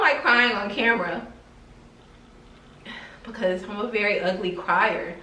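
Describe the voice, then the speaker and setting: A woman's voice: medium pitch, measured pace, pauses often, sharp tone, a little hiss or hum. A woman talking to camera in a casual vlog, heartfelt and emotional, with lots of filler words. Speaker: lifestyle vlogger. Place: her house. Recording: roomy echo, somewhat distant from mic.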